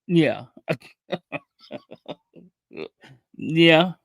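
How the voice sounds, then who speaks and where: A male livestream host with a somewhat high voice, chatting casually. He stumbles and repeats himself often. The sound is dry, with no room echo. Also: animated, gravelly, fairly bright tone. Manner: halting, repeats words and restarts often.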